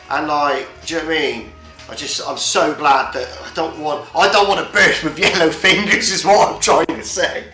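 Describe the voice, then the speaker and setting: A man's voice: fairly high pitch, bright, forceful tone. A man chatting casually on a livestream, swearing often and rambling from point to point. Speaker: livestream host. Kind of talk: casual chat. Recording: roomy echo, faint music behind.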